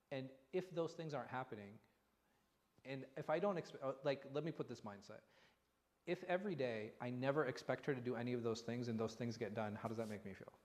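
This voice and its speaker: A man leads a conversational religious lesson as an imam, often tossing rhetorical questions at his listeners. His voice sits in a middle register. It carries a long reverb, recorded in a mosque hall. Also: medium pitch. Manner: animated, asks rhetorical questions. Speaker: imam teaching a class.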